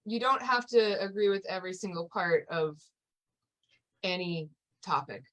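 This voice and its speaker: A woman's voice: fairly low pitch, normal speed, a bit bright. Thoughtful woman in a casual podcast chat. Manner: thoughtful, hedging, laughs often.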